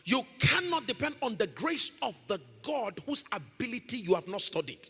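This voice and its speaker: High, bright-voiced preacher man. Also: sing-song, moderate pace, creaky, hardly any pauses, breathy edge. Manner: emphatic, repeats key phrases, rises into sung-out lines. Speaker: pastor. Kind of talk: sermon. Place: church hall. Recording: long hall reverb.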